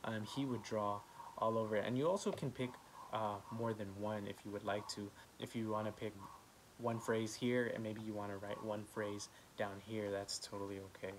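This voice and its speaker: A low-voiced man leads a children's art lesson, patient and encouraging as he talks through each step. He fills pauses with "um" while he draws. A faint hiss sits behind his voice. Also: steady tone. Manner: gentle, encouraging, many "um" fillers. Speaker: art teacher.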